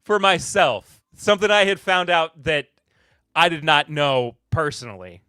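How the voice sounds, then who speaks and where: Male streaming host, slow, rambling casual chat, dry close sound. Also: fairly high pitch, smooth, dry recording. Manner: relaxed, rambling, with fillers and self-corrections; answers chat comments and laughs at them. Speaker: podcast host.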